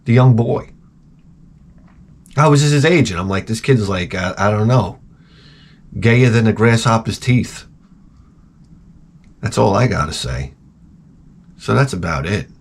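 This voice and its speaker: A middle-aged man hosting a casual show, telling rambling, profane stories and jumping into loud, high-pitched exclamations when he quotes himself. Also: expressive, measured pace, pauses often, husky. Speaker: host. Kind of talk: casual storytelling rant.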